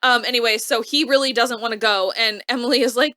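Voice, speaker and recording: A woman with a bright, fairly high voice recaps a TV episode in a casual chat, jumping into little impressions of the characters as she goes. The sound is close and dry, with no room behind her. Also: fairly quick, few pauses, no echo. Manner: animated retelling, acting out quotes in varied voices. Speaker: podcast co-host recapping a TV episode.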